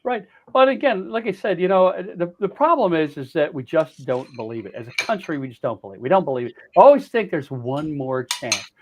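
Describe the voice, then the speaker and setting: A man's voice: a little high, big pitch swings, brisk, hardly any pauses. An older man talking politics in a blunt, profane rant, with many restarts and repeated words. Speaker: political commentator. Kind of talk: heated political chat.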